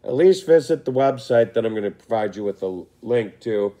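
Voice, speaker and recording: This recorded history lesson comes from a man whose medium-pitched voice is getting hoarse. He talks at normal speed in a relaxed way, often clearing his throat and filling pauses.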